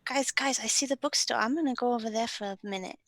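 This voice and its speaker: A woman's voice: on the high side, fast talker, a bit bright, dry recording. A woman playing a tabletop game, chatting casually with wry, questioning remarks. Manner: wry, questioning, laughs often. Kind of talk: casual chat.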